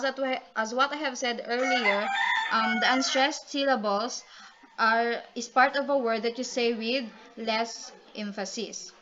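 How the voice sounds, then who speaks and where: A woman presenting a class report, reading definitions with frequent ums and restarts. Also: fairly high pitch. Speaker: student reporter. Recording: dull lo-fi recording with loud noise.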